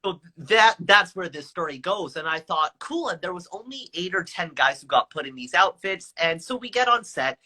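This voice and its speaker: A young man with a bright, forward voice tells a story as a guest in an interview. He talks with plenty of energy and bounces into higher voices to act out what people said. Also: moderate pace, few pauses, rough recording. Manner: energetic, acts out quoted lines in higher voices. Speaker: actor guest.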